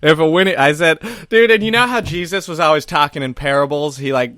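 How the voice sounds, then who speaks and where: A man's voice: fairly high pitch, a little fast, sharp tone, clear, resonant tone, dry recording, studio quality. A man co-hosting a comedy podcast, telling rambling, profane stories and laughing often. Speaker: podcast co-host. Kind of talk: casual comedy podcast chat.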